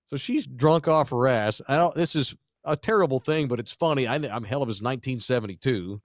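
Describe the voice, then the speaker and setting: A man's voice: mid-range voice, a little fast, no room sound. Man, forties, from texas, podcast host, profane storyteller, dry close sound. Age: 40s. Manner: profane, animated storyteller, shouts quoted lines. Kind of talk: casual storytelling chat.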